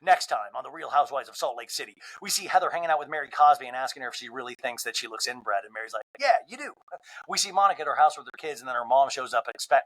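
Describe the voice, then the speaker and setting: A man hosting a podcast, giving a comedic reality TV recap in an animated, profane, gossipy way. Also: mid-range voice, rough recording. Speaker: podcast host.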